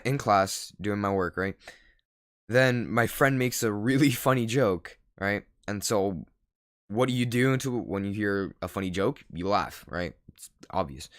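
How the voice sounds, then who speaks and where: Teen boy, casual storyteller, low voice, smooth tone, dry close mic, rambling with lots of fillers. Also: measured pace, a bit bright, dry recording. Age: teens. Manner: rambling, filler-heavy, laughs at own story. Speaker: vlogger.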